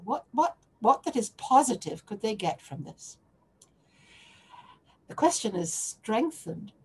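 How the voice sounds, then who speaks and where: A woman's voice: fairly low pitch, a little mellow, a little hiss or hum. A woman lecturing on a biblical text to a remote audience, often restarting and posing questions as she searches for words.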